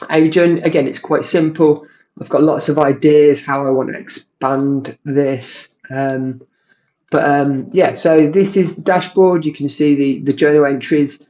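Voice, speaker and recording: A man casually presenting a software walkthrough, talking in a halting way, with lots of ums and restarts. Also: a little high. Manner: halting, many ums and restarts, self-described non-coder. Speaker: tutorial presenter. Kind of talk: casual screen-recorded walkthrough. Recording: muffled audio.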